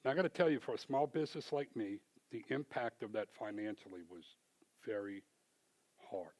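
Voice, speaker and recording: A man giving a church testimony, an animated storyteller who acts out both sides of the conversations. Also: fairly low pitch, normal speed. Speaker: small business owner giving testimony. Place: church sanctuary.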